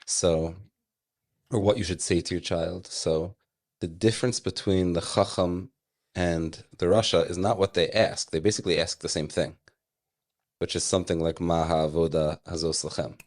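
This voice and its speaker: A man's voice: low-pitched, fairly even intonation, moderate pace. A man who is a guest on a studio podcast, patiently explaining ideas in a teacherly way. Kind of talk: casual discussion.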